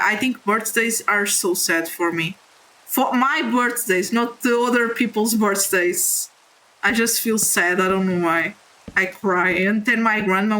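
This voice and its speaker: A young woman whose first language is not English, talking openly and haltingly to her viewers while she plays a game, often apologizing and reassuring them. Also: medium pitch, fairly bright tone, a little hiss or hum, low-quality recording. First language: a language other than English. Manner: halting, heartfelt and confessional, with frequent restarts. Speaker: gaming streamer. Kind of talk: casual confiding chat while playing a game.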